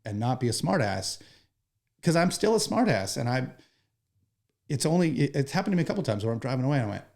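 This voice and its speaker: Gravelly-voiced joking firefighter. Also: male voice, medium pitch, quick pace. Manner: animated, joking, profane. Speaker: firefighter guest. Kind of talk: storytelling in a podcast interview.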